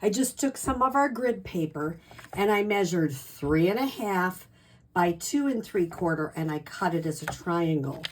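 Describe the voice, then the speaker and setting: A woman giving a casual craft tutorial as a demonstrator, chatty, with frequent ums and self-corrections. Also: mid-range voice.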